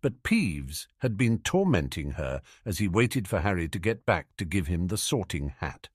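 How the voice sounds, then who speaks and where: A man narrating a fan-fiction audiobook in a wry, lively storytelling manner. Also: low-pitched, moderate pace, husky, no echo. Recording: dry close recording with faint music.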